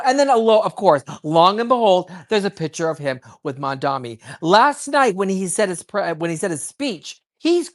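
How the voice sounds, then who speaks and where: A woman giving heated, rapid political commentary, worked up and emphatic, with frequent restarts. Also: on the low side. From child of immigrants.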